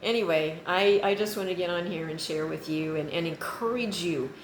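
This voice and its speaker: A woman's voice: on the low side, normal speed, echoey room, poor audio. A woman hosting her own channel, talking casually and earnestly to viewers, encouraging them and repeating phrases for emphasis. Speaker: channel host. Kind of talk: casual faith vlog to viewers.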